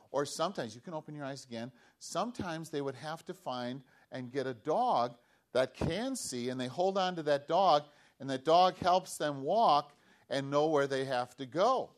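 A man gives a children's sermon in a slightly high voice. He tells the story in a lively, swooping way and often stops to ask the young listeners questions. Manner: animated, asks children questions, acts out voices. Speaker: pastor giving a children's message.

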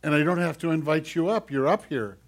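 A man giving a children's sermon as pastor, gentle and playful as he talks to the kids. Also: a little high, brisk.

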